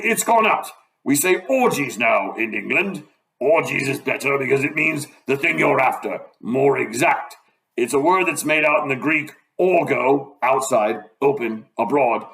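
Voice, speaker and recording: A man's voice: mid-range voice, gravelly, fairly bright tone. A man voicing a pompous, rambling old male swindler who lectures self-satisfied in a storybook reading.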